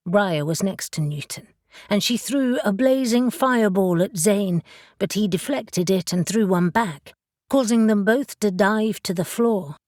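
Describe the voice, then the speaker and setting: A woman narrating a fantasy audiobook in a steady storytelling manner. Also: mid-range voice, dry recording, studio quality. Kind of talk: scripted narration.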